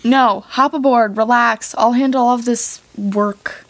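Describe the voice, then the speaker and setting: A woman reading the part of an earnest young Jedi heroine in a script read-aloud, with steady, sincere delivery. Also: a little high, a little slow, dry recording.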